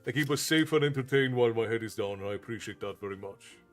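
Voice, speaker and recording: A man hosting a livestream, earnestly thanking his viewers and volunteers in a halting, casual way with repeated words. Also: mid-range voice, faint music behind. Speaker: stream host.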